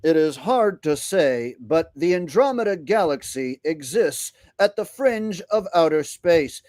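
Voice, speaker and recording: Stiff, pompous speech-machine voice done by a man, slow and stilted, fairly high, very dry sound. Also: a little mellow, dry recording. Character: mock speech-synthesizer voice of a famous physicist, male, stiff and solemn.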